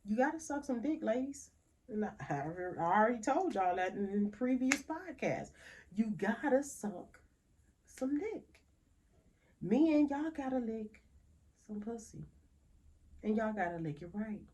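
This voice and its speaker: Young woman host, blunt and profane, unhurried delivery. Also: a little high, expressive, a little mellow. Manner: blunt, profane, laughing, emphatic repetitions. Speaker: podcast host. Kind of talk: frank casual monologue.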